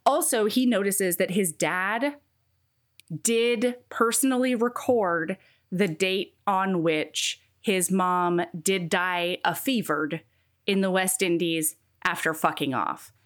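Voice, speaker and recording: A woman co-hosting a casual podcast about a romance novel, animated and acting out the characters' lines. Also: medium pitch, slow. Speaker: podcast co-host and audiobook narrator.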